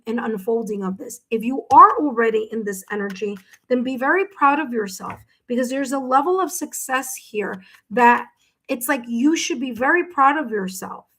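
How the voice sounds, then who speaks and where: A woman's voice: on the high side, fairly bright tone. A woman giving a live-streamed tarot reading, effusive, exclaiming and thanking viewers by name. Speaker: tarot reader.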